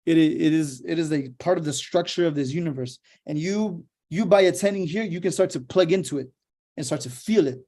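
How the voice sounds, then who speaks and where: A young man from Houston speaks in a fairly high voice with a warm, mellow tone. He talks about his life as a lawyer in a casual, profane and emphatic way, driving each point home. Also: a little fast. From Houston, Texas. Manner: profane, emphatic, fired-up storytelling. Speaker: lawyer giving a motivational talk. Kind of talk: casual motivational talk.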